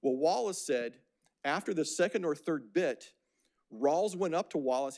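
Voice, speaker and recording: A man's voice: a little high, lively intonation, measured pace. An older man from Phoenix giving a casual, anecdotal lecture about slides, with many fillers and restarts. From Phoenix, Arizona.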